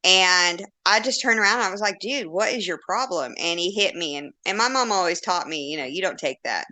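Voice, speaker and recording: A woman's voice: lowish voice, expressive, a little fast, bright, forceful tone. A woman in her forties, a podcast guest telling a story in casual chat, blunt and candid, acting out quotes and laughing often.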